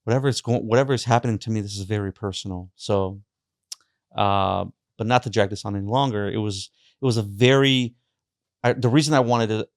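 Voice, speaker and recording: A young man, a podcast guest, telling his personal faith story in a halting way, with many restarts and fillers. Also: fairly low pitch, no room sound, clean studio sound.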